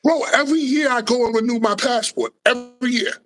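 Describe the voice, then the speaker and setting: A man, a guest in a casual interview, telling animated stories with plenty of profanity and street slang. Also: very high-pitched, a little fast, over a noisy crowd.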